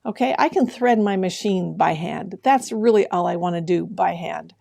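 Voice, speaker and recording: A middle-aged woman runs a sewing livestream, chatting casually with viewers, greeting them by name and laughing often. Her voice is on the low side, gravelly and dark in tone, at a normal speed.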